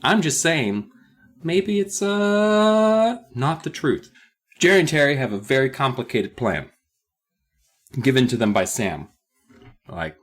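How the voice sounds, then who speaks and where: Animated, sarcastic man recapping. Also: mid-range voice, slow pace, pauses often. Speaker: podcast co-host. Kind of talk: comic book recap.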